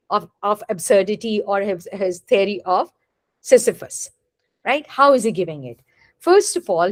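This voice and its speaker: A woman's voice: fairly high pitch, no room sound. A woman teacher, giving a classroom lecture and often asking the students whether they follow. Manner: deliberate, asks rhetorical questions to check understanding. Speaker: literature teacher.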